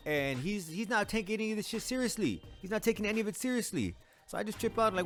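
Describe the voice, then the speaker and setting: A man's voice: high-pitched, expressive, brisk, soft background music. A man casually reacting to a movie, talking in profane slang and laughing often. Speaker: movie reviewer.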